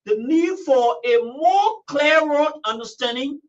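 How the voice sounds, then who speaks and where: A very high-pitched male radio host, pressing his points emphatically and leaning on "you know" as he takes callers. His voice sounds dull and set back from the mic, like a muffled broadcast. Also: lively intonation, a little slow. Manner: emphatic, repetitive, heavy use of "you know". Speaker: radio talk show host. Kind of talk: call-in political talk. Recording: dull, distant radio studio recording.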